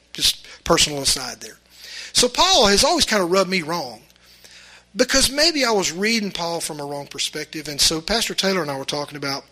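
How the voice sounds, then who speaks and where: Male pastor, folksy sermon delivery, high-pitched and bright. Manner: earnest, folksy, with repeated restarts. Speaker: preacher.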